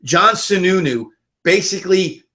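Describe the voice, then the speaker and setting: Bright-voiced, profane podcast ranter. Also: male voice, high-pitched, measured pace. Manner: profane, animated, acts out quotes in a raised voice. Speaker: podcast co-host. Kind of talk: casual political rant.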